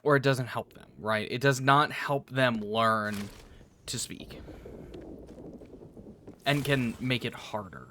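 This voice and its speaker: A man hosting a let's play, rambling through casual gameplay commentary with animated, profane storytelling. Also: medium pitch, slow pace, pauses often, slight background noise.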